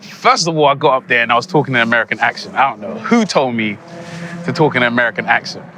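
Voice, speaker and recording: Young actor guest, bright tone, lively and laughing, light room noise. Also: male voice, mid-range voice, quick pace. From England. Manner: animated, laughs often, acts out quoted lines. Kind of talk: casual interview storytelling.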